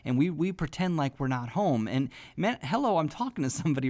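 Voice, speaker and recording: A man's voice: fairly high pitch, sing-song, brisk, hardly any pauses, darkish tone. A man hosting a devotional podcast, telling a family story in a folksy, earnest way and building into preacher-like exhortation. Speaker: podcast host.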